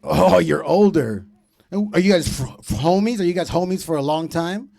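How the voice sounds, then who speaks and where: A man in his thirties hosting a comedy show, doing loud, profane, teasing crowd work from a club stage. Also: a little high, animated, moderate pace, gravelly.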